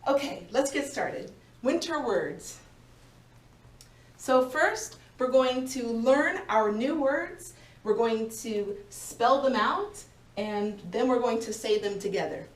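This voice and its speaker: A woman leads a vocabulary lesson for young learners in a slow, clear and encouraging classroom voice that sits a little high. She is heard from some distance in an echoey room. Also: expressive. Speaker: teacher.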